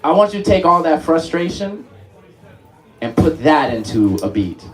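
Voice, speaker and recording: A man's voice: a little high, big pitch swings, moderate pace. Playful man leading a music workshop. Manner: playful, laughs often, coaxing the group. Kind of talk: live workshop teaching. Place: workshop room with live audience.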